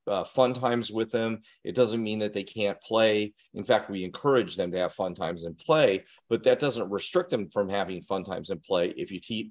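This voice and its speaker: A man giving an earnest, direct instructional talk to parents and educators, often putting questions to his listeners. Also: fairly low pitch.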